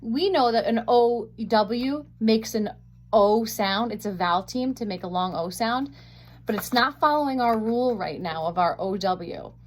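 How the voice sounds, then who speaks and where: Stretching out the vowels, a woman with a fairly high voice sounds out each word slowly and carefully in a phonics lesson. A webcam mic captures her.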